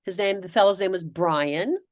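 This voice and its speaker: A middle-aged woman giving a webinar presentation to dentists. She tells stories in an animated way, acting out quotes and often restarting her sentences. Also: lowish voice, moderate pace. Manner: animated storytelling with acted-out quotes, frequent restarts. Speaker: dental practice consultant.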